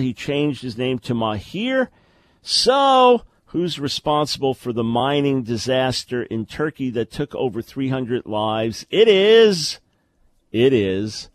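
A man's voice: medium pitch, dry recording. A man hosting a call-in radio talk show, explaining religious questions in a lecturing way with sarcastic asides.

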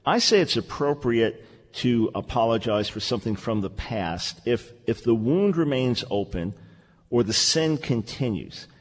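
A man hosting a radio talk show, speaking in an earnest, animated, conversational way. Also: mid-range voice, measured pace, long reverb tail.

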